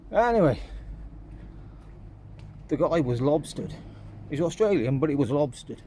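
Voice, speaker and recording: A man's voice: a little high, sing-song, measured pace, warm tone, a little hiss or hum. A man rambling through a casual walking vlog outdoors on town streets, chatting like a storyteller into a handheld phone. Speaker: vlogger.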